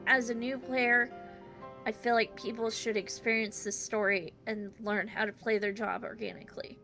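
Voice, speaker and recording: A woman's voice: a little high, level tone, moderate pace, gravelly, bright, forceful tone, faint music behind. A woman guest in a casual chat about a video game, giggly and hesitant, with many fillers.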